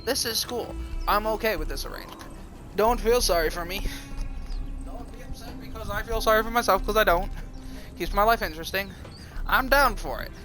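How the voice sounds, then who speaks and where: High-voiced, profane streamer ranting. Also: male voice, fairly quick, long pauses, music in the background. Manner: profane, defiant, self-mocking rant. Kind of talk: rambling livestream monologue.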